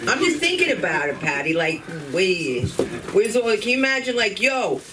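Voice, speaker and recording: A middle-aged woman hosting a live stand-up comedy open mic in a chatty, animated way, slipping into character voices. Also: mid-range voice, normal speed. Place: comedy club stage. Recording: distant mic with noisy room.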